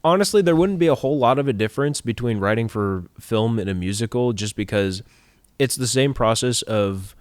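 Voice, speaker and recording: A man's voice: mid-range voice, brisk, hardly any pauses, clear, resonant tone, dry recording. A young man, a guest composer, chatting casually on a podcast and acting out lines and hummed music as he talks. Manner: animated, acts out lines and hums music.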